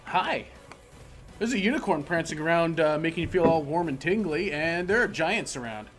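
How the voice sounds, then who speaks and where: Male game master, slightly high voice, playful and teasing, faint music behind. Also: expressive, a little fast, a bit bright. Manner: playful, teasing rules explanations. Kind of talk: narrating a tabletop game online.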